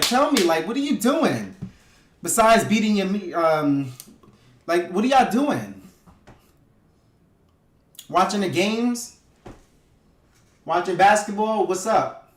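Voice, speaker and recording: A man hosting a casual livestream, talking loosely and profanely with his viewers and hyping them up. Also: sits high. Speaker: livestream host. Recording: echoey room.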